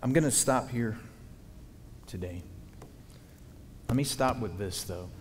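A man preaching a sermon in a folksy, animated way, wandering off into stories. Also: medium pitch, slow. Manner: folksy, animated, digressive storytelling. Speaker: pastor. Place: church hall. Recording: long hall reverb, faint background noise.

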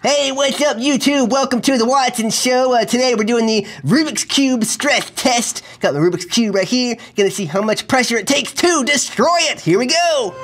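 A man's voice: very high voice, normal speed, few pauses, music in the background. A young man playing a goofy, overexcited prankster in a kids' comedy skit. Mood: hyped. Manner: loud, bouncy, exaggerated.

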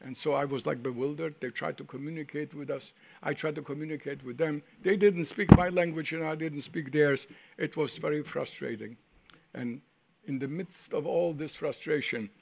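An older man tells his own story as a survivor in a gravelly, husky voice that sits a little high for a man. He speaks haltingly, restarting and repeating words as he recalls events. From Poland. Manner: vivid storytelling that acts out the voices of people he quotes. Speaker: Holocaust survivor giving testimony. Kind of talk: first-person testimony.

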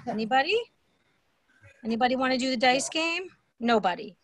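A woman's voice: high voice, lively intonation. Sing-song woman teaching kids to dance. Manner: cheerful, slow and sing-song with small children. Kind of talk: online kids' dance class. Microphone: video call.

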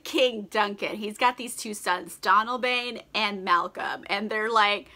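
A woman's voice: mid-range voice, unhurried, hardly any pauses, pushed and bright. Giggly, chatty young woman. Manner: chatty, giggly, lots of likes, mock-voices characters. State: tipsy from wine. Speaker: book vlogger. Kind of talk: casual tipsy book recap.

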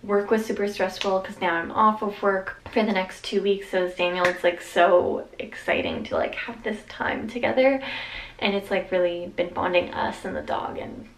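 A woman's voice: medium pitch, steady tone, moderate pace, a little hiss or hum. Chatty woman vlogging at home. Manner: chatty, with frequent "like" fillers. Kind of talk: casual vlog chat. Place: home kitchen.

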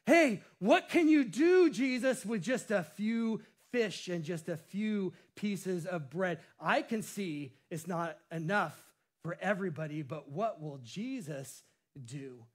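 A man doing an eager, excited disciple. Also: high voice, slow, heavily acted. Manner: excited, rising.

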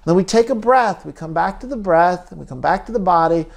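A man speaking as a therapist in a slow, gentle, halting reflective talk with frequent pauses. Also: high-pitched, expressive, vocal fry.

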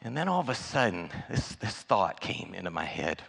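A man giving a sermon as a guest speaker, telling a story and acting out the dialogue in an animated way. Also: low-pitched, moderate pace, gravelly, breathy edge. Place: church sanctuary. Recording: long church hall reverb.

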